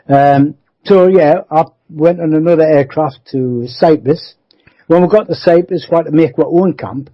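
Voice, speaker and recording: A man's voice: fairly high pitch, breathy edge, lo-fi sound. A man, rambling through a life story as a radio interview guest, often adding 'you see'. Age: 70s.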